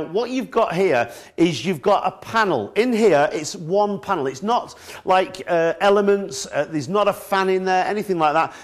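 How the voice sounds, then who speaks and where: A middle-aged man with a northern English accent presenting a live shopping channel pitch, chatty, repeating words and calling viewers folks. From northern England.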